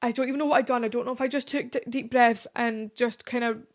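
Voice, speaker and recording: A woman's voice: on the high side, steady tone, fast. A young woman in her twenties hosting a solo podcast, talking in a chatty, confessional way with lots of fillers. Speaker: podcast host. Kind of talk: casual solo podcast chat.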